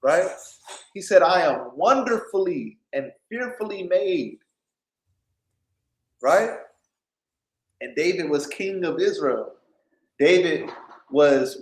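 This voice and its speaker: A man gives an unhurried, informal sermon in a slightly raised voice, checking in with "right?" after nearly every point. His speech stops and restarts as he builds his thoughts. The room around him is echoey. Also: a little high, a little mellow. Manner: keeps asking "right?", stops and restarts often. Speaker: preacher. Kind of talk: informal preaching on scripture.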